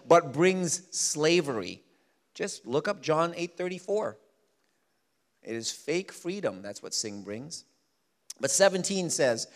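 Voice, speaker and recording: A man preaching a sermon, stressing key lines slowly and acting out the people he quotes. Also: fairly high pitch. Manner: emphatic, repeats key lines slowly, acts out quoted voices. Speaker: pastor.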